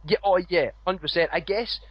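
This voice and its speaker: A man's voice: sits high, moderate pace. A man co-hosting a casual wrestling podcast, laid-back and often laughing, with some swearing. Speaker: podcast co-host. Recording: dull lo-fi audio.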